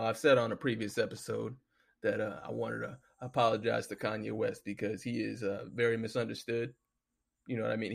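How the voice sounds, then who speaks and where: Gravelly man ranting casually. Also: a little high. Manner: loose, animated storytelling, heavy cursing. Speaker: podcast host. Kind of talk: casual profane commentary.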